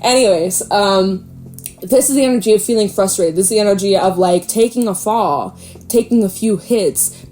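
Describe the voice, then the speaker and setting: A woman giving a casual, animated tarot reading, swearing freely and laughing often. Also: fairly low pitch. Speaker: tarot reader.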